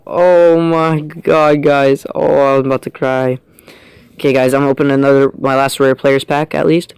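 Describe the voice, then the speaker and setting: A young man commentating a game pack opening, jumping from quiet mumbling to loud, high yelling. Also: fairly even intonation, moderate pace, smooth, no echo. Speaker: gaming YouTuber.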